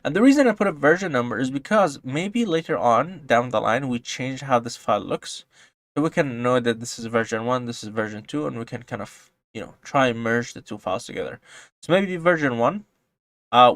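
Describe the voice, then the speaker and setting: A man giving a casual coding tutorial, explaining calmly and then breaking into loud, excited outbursts, with frequent swearing. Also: medium pitch, brisk, no echo. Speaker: programming tutorial host.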